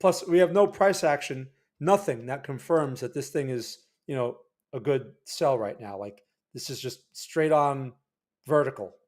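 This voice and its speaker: A man's voice: medium pitch, measured pace. New Jersey man talking through charts. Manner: loose, conversational, frequent restarts and "right?" check-ins. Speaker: market analysis livestream host. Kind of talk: casual livestream chart commentary.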